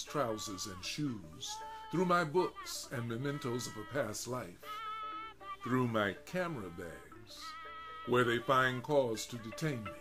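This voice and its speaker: A male narrator reads his own first-person prose with unhurried, deliberate weight. His voice sits at an ordinary pitch and paints each scene vividly. Marimba music plays steadily behind him. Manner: slow, deliberate, vivid delivery.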